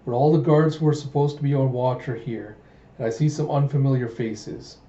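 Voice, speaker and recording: A man's voice: medium pitch, a little fast, dark tone, close to an everyday voice. A man voicing a blunt, fiercely loyal young general while reading a manga aloud. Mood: stern. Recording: echoey room, dull lo-fi sound.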